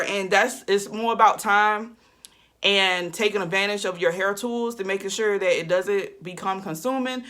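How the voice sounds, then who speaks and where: A chatty woman vlogging about her hair routine, her voice bright and forward. She talks to viewers like friends, calling them y'all and child, in an easy, mid-pitched tone. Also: normal speed. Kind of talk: casual chat to camera.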